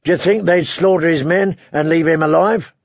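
A brutal, scarred warrior barks and growls, gruff and scornful, as a male narrator puts him on. The voice is raised and gravelly with a husky edge. It sounds dull and dry, like a lo-fi close recording. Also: a little high, moderate pace, no echo. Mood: shouting. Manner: growling, shouting orders.

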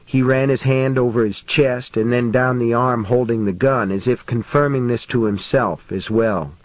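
A man narrating an audiobook in a steady, measured reading voice. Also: mid-range voice, no echo, poor audio.

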